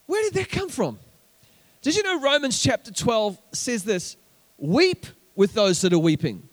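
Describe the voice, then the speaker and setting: High-voiced New Zealand pastor preaching. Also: male voice, sing-song, unhurried. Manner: repeats words as he builds, calls out to the congregation. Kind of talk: sermon.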